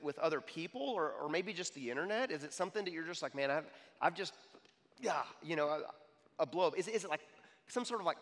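Animated male preacher in a reverberant hall. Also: fairly high pitch. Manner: animated, repeats "okay?" to the crowd. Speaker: young adults pastor. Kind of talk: conversational sermon.

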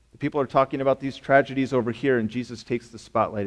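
A man's voice: on the low side, fairly quick. A man preaching a sermon as a pastor, emphatic and conversational, often asking the congregation rhetorical questions. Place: church sanctuary. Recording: long hall reverb.

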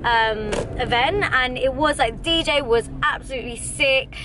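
A woman's voice: high-pitched, a little slow, music in the background. A woman, chatting casually and rambling to camera in a vlog. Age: 20s. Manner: chatty and rambling, many fillers. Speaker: makeup vlogger. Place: out and about in London.

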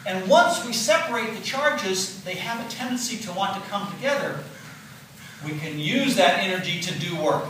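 A man's voice: high voice, pushed and bright. Older male lecturer in an echoey hall. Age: 60s. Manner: explanatory, repeats key points with "okay?" and "right?". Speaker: physiology lecturer. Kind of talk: classroom lecture. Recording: roomy lecture hall, mic at a distance, faint noise.

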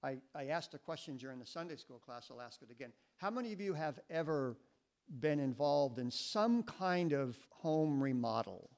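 A man's voice: a little high, animated, normal speed, darkish tone. Man preaching a verse-by-verse sermon. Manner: teaching with questions to the congregation. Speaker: pastor. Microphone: mic he sometimes steps away from.

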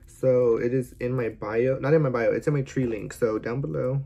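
A man's voice: medium pitch, steady tone, normal speed, gravelly, warm tone, husky. A young man vlogging, chatting to the camera in a sassy, swear-filled way, first at home, then in his car and at a dealership. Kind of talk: casual chat to camera.

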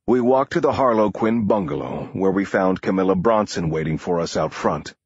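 A man reading a first-person thriller audiobook in a measured, low-key way. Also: expressive, slightly rough, dry recording. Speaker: audiobook narrator. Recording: muffled dry close-mic audio.

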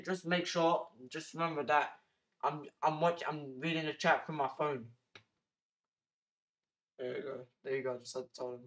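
A man's voice: fairly high pitch, poor audio. Young uk guy live streaming, rambly and jumpy, typing and clicking in the background. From United Kingdom. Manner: rambling, with lots of restarts and exclamations. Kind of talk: casual live-stream chat.

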